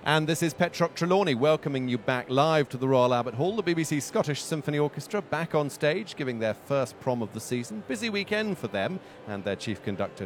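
A man presenting a live concert broadcast on radio, announcing in a smooth manner. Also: mid-range voice, a little hiss or hum.

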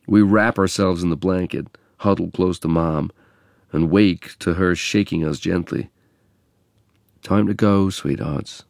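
A man from England narrating a memoir in a measured, reflective reading. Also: low voice, vocal fry, darkish tone, no room sound, clean studio sound.

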